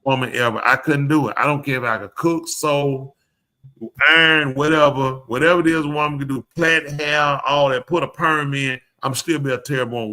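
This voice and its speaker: A man holds forth on a live podcast in loose, casual chat. His voice is bright and forward, sitting at an ordinary pitch. He rants bluntly and keeps turning to the people around him for agreement. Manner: blunt, opinionated ranting that addresses the room. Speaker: podcast host. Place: live show.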